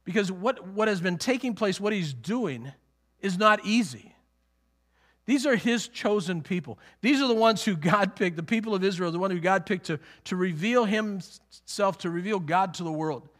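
A male preacher with a high, bright, ringing voice works through scripture in a loose, conversational way. He is animated and emphatic and slips into quoted voices as he explains. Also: moderate pace. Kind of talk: conversational Bible teaching sermon.

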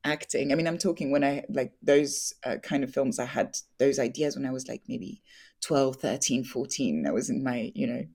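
A young woman with a low voice chats candidly as an interview guest. She laughs often, pads her talk with fillers and restarts her sentences, relaxed and open. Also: moderate pace, slightly rough.

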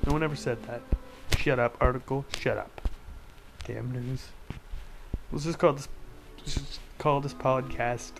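A man's voice: mid-range voice, fairly even intonation, measured pace, creaky, pauses often, over music, poor audio. Rambling sarcastic male podcast host. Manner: rambling, sarcastic, full of fillers and restarts. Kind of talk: casual rant about news.

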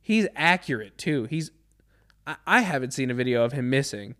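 Male podcast host, easygoing chat, laughs a lot, keeps it loose and lively. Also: mid-range voice, moderate pace. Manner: laughs often, says "bro" and "dude" a lot, animated. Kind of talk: casual chat.

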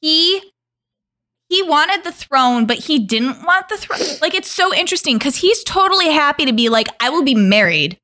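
A high, bright woman co-hosting a profane podcast recap of a TV show. Her pitch swings widely as she excitedly acts out characters' lines between quick comments. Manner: excitable, profane, acts out dialogue with big shifts in voice. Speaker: podcast co-host. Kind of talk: casual chat recapping a TV show.

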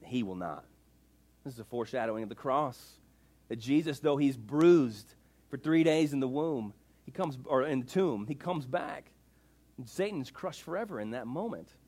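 A man's voice: mid-range voice, lively intonation, moderate pace, darkish tone, slightly rough. A man preaching a sermon in a casual, emphatic way, full of rhetorical questions. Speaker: pastor.

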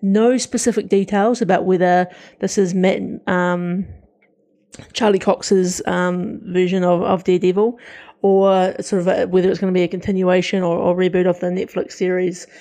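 A woman's voice: fairly low pitch, level tone, measured pace, dark tone. A woman co-hosting a pop-culture podcast, chatting with enthusiasm and often restarting her sentences. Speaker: podcast co-host. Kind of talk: casual pop-culture chat.

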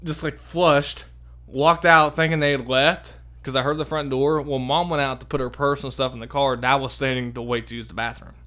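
A man's voice: mid-range voice, fairly even intonation, moderate pace, bright, forceful tone. A man telling a long story in a casual, rambling way, swearing a lot and saying "dude" and "like" constantly. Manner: rambling, profane, lots of fillers like "dude" and "like".

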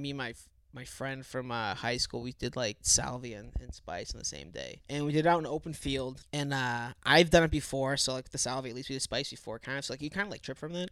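A man's voice: mid-range voice, a bit bright, clean tone. A young man co-hosting a podcast, rambling through stories in casual chat and laughing often. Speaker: podcast co-host.

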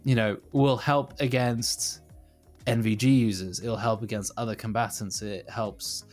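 A man's voice: fairly low pitch, fairly even intonation, measured pace, faint music behind. Rambling man on a casual podcast. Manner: rambling, self-deprecating, laughs often. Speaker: podcast co-host.

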